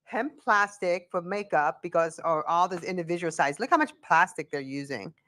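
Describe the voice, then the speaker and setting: A woman's voice: lowish voice, animated, normal speed, fairly bright tone. A woman hosting a casual live audio chat about beauty, keeping the show organized and planning its schedule. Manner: organizing, plans the show's schedule. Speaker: host.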